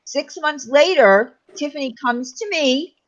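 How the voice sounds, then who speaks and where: A woman's voice: high voice, lively intonation, a little slow. A woman hosting a livestream panel, explaining firmly and steadily at length. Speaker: livestream host. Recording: dull lo-fi stream audio.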